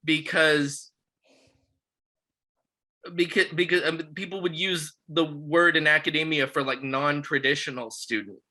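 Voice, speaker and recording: Male interview host, higher voice, very bright tone, encouraging and friendly. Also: steady tone, unhurried, long pauses. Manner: friendly, encouraging, with frequent affirmations. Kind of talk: casual interview chat.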